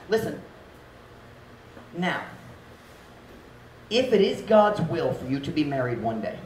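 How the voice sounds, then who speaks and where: A male pastor preaching a sermon, mixing in Visayan phrases, swinging between loud, forceful shouts and hushed, earnest passages. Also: on the high side, a little hiss or hum. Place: church hall. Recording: echoey hall, mic at a distance.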